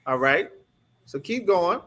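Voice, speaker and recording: A man's voice: sits high, big pitch swings, takes it slowly, a bit bright. A man teaching a scripture class, preaching emphatically in a streetwise way and asking the class rhetorical questions. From United States.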